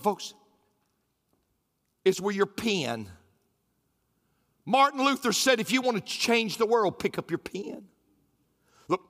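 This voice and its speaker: A man's voice: extremely high pitch, sharp tone. A man preaching a sermon as pastor, emphatic and repetitive, with folksy humor. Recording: roomy hall with faint music.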